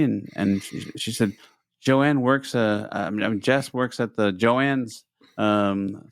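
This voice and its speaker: Male podcast co-host, low voice, animated storyteller who voices the people he quotes, dry recording. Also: slow pace, no echo. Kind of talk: casual storytelling chat.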